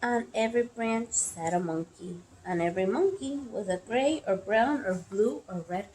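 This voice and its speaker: A young adult woman reading a picture book aloud to children, expressive and gasping at story moments. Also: a little high, moderate pace, few pauses, slight background noise, low-quality recording.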